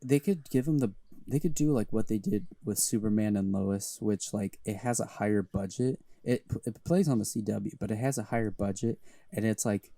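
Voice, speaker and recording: A man's voice: fairly low pitch, normal speed, warm tone, no room sound. A young man co-hosting a podcast, chatting casually and rambling with lots of fillers and restarts. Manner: rambling, heavy use of fillers. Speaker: podcast co-host. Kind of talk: casual chat.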